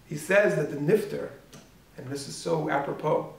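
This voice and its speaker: Gravelly rabbi, echoey and distant. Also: male voice, on the high side, moderate pace. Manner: animated, rhetorical questions, swings from loud to hushed. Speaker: rabbi teaching at a yeshiva. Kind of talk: sermon. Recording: echoey room, speaker far from mic.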